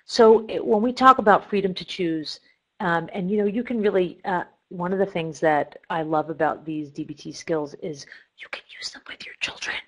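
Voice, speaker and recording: A woman's voice: on the low side, moderate pace, rough recording. A middle-aged woman therapist giving a recorded lecture on treatment techniques, explaining step by step with frequent ums and self-corrections. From Cleveland, Ohio.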